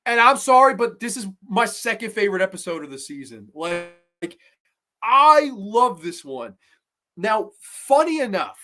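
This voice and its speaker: A man hosting a horror podcast, casually reviewing episodes with excited, profane chatter. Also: high voice, moderate pace. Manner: excitable, profane, laughs while retelling.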